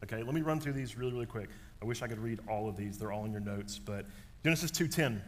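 Animated man preaching a sermon. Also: on the low side, quick pace, a little hiss or hum. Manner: animated storyteller, swings from hushed to loud. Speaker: pastor. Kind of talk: sermon with personal story.

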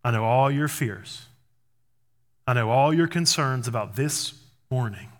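A preacher voicing God as a gentle, all-knowing male shepherd who speaks reassuringly. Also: expressive, measured pace, natural voice. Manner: reassuring, raised pitch.

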